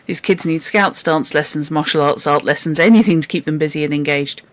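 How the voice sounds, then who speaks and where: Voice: medium pitch, brisk, no room sound. Book club host rambling, exasperated, swears a bit, dead dry mic. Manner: exasperated, chatty, swears in asides. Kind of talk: casual chat and reading aloud.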